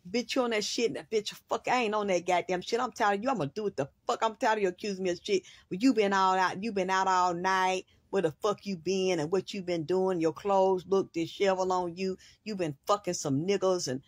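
A woman voicing a brash, hot-tempered, haughty mother who curses loudly. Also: mid-range voice, steady tone, brisk, hardly any pauses, no echo, clean studio sound, close to an everyday voice. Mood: cursing argument. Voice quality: cussing, loud.

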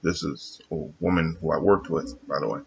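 A man talking to his viewers in a casual, reflective monologue. He is measured and earnest, pausing often with fillers. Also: very deep voice, fairly even intonation, creaky, muffled recording. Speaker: vlogger addressing his viewers.

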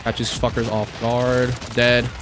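A young man streaming a shooter game, commenting live with profane, excitable and frustrated outbursts. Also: medium pitch, a little slow, background noise. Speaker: gaming streamer.

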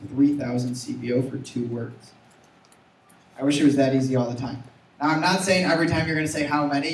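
A young man giving an energetic motivational sales talk, urging his audience to repeat after him. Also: mid-range voice, a little hiss or hum. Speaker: sales trainer. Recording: roomy, from far off.

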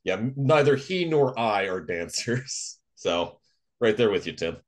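A man's voice: on the low side, big pitch swings, measured pace. A man co-hosting a podcast in casual chat, laid-back with dry humor and frequent laughs. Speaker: podcast co-host.

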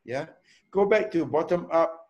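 A man, a hotel owner, answering students' questions in a Q&A, deliberate and emphatic, often checking in with a quick "yeah?" and repeating words for emphasis. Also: fairly high pitch, animated, a little mellow, dull audio. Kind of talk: Q&A talk.

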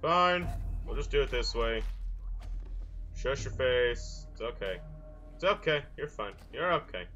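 A man's voice: medium pitch, expressive, unhurried, pauses often, bright, forceful tone, highs cut off, faint music behind. A young man casually commenting on his gameplay in a goofy way, full of silly mild exclamations. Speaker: gameplay video host. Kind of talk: casual let's-play commentary.

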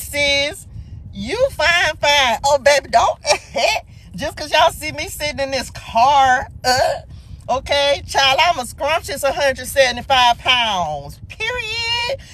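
A woman's voice: a little high, fairly bright tone. A woman hosting a casual live spiritual morning message from her car on a phone stream. She is exuberant, laughs often and greets viewers by name. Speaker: spiritual livestream host. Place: sitting in a car.

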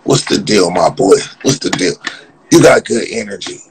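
A man ranting casually on his vlog, repeating the same slang and laughing as his voice jumps up when he gets animated. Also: on the low side, moderate pace, gravelly, background noise. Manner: repetitive, profane, keeps saying "blood". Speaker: vlogger.

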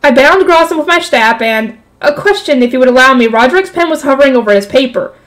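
A woman's voice: high voice, expressive, fast talker, a bit bright, rough recording. A woman reading a light novel aloud, breaking off to react with exclamations and groans.

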